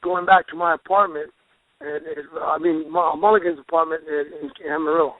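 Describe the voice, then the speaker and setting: A man who is a pro wrestler, a guest telling rambling, animated stories with restarts and folksy exclamations. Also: fairly high pitch, normal speed, vocal fry, no echo. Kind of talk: storytelling interview. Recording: phone line, dry.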